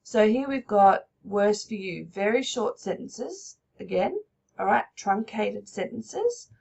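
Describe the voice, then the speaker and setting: Aussie teacher lady walking students through it, gravelly voice, lots of "all right?". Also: a little high, sing-song, slow pace, a little mellow. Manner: explanatory, checks in with frequent "all right?". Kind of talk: recorded lesson.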